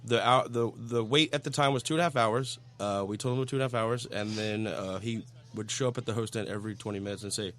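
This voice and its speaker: A man, a bartender and regular on a podcast, telling an animated story in casual chat with frequent restarts. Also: fairly low pitch. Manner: animated, quick anecdotal delivery with restarts.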